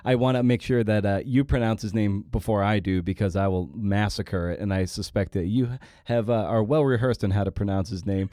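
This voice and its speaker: A man hosting a podcast, asking long, halting questions full of fillers. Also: on the low side, steady tone, dark tone, dry recording, clean studio sound. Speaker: podcast host. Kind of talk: interview questions.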